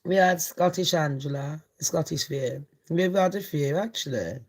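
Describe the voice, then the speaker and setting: A woman's voice: low voice, moderate pace, darkish tone. A woman hosting a celebrity gossip channel, chatting casually in a brash, sweary way and laughing often.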